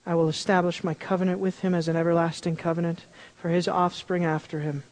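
A preacher acting out God as a calm, firm, gentle voice speaking to Abraham, lower and quieter than their own voice, with a long hall echo. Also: slightly rough, exaggerated voice. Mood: solemn. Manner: slow, measured, solemn. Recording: long reverb of a large hall.

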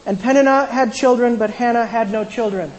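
A woman's voice: fairly high pitch, a little fast, a little mellow. Chatty woman preaching in a reverberant hall. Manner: conversational, chuckling asides, stumbling restarts. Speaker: Bible teacher. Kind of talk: casual sermon retelling scripture.

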